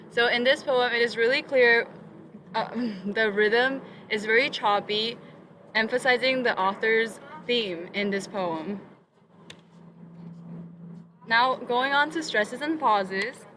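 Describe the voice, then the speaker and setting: Bright-voiced young woman reading lesson notes. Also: on the high side, slow, long pauses, a little hiss or hum, poor audio. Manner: steady reading with occasional um fillers. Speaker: presenter.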